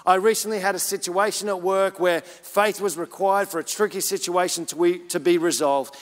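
A man delivers a sermon in a high, bright voice, telling a story in a relaxed, chatty way and then pressing his point with rising urgency. His words ring out with a long reverb, as in a church hall. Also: moderate pace. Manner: casual preaching, rising to urgent emphasis. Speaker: pastor.

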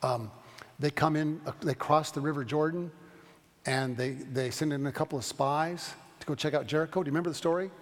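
Fast-talking man teaching in a reverberant hall. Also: a little high. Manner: fast-talking, animated, stumbles and restarts. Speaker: pastor teaching a Bible study. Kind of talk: Bible study lecture with questions.

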